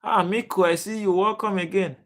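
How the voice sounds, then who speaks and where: Chatty Nigerian man, slightly high voice. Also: fairly even intonation, a little fast. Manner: chatty, greets viewers by name, reads chat aloud. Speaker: livestream host. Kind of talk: casual live chat.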